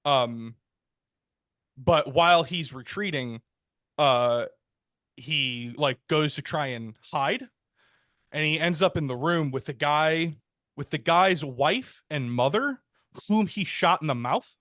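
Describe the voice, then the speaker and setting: A man co-hosting a podcast, casually retelling a history story in a rambling, laid-back way, often saying "um" and "like" and jumping his pitch to act out the people in it. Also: animated, takes it slowly, fairly bright tone, no room sound, clean studio sound. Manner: acts out quoted characters with jumps in pitch. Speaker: podcast co-host.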